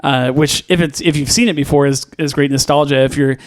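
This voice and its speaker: On a casual podcast review chat, a co-host with a fairly high, steady voice talks fairly quickly. He meanders with lots of fillers and restarts and laughs readily.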